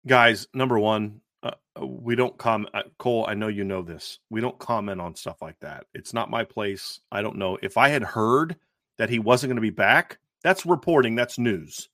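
A man with a lowish, fairly bright voice hosts a sports podcast at a moderate pace, recorded in clean studio quality with no room sound. He works through football questions emphatically, repeating himself and restarting.

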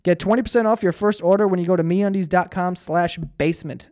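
A man's voice: sits high, fast, few pauses, a little mellow. A young man hosting a solo podcast, ranting profanely and mocking people in put-on voices. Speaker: podcast host. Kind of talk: solo comedic podcast rant with ad read.

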